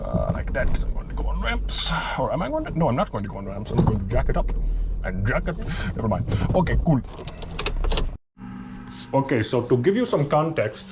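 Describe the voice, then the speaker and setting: A young man vlogging as he works on his car, rambling and joking to himself as he goes. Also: on the high side. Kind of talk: casual narration while repairing a car. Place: in and around a car, near a garage. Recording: noisy background with clicks.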